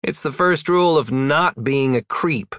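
A man's voice: on the high side, unhurried, fairly bright tone, no room sound, studio quality, voice pushed up. A man voicing a practical, wry male wizard in a storybook reading, in a plain voice.

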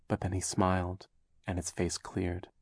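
Wry low-voiced man narrating. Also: completely flat delivery, measured pace, no echo. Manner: wry, dry. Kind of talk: audiobook narration.

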